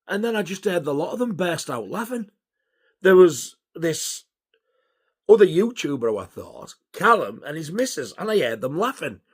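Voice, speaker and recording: A man tells a story with real excitement, his somewhat high, slightly husky voice swinging up and down. He swears freely and acts out what people said along the way. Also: moderate pace. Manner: animated, swears a lot, acts out quotes. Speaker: YouTuber.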